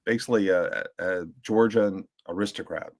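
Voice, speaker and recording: A man's voice: sits low, fairly even intonation. A man co-hosting a podcast in casual chat, telling stories in a rambling way with many restarts and fillers. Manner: briefly mimics slow drawling voices when quoting. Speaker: podcast co-host.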